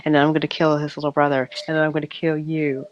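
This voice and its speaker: A woman's voice: sits low, level tone, fast talker, slight background noise, close to an everyday voice. A woman voicing a menacing male orc chieftain who gloats over a captive. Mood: gloating. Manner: gloating, taunting. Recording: dull lo-fi recording.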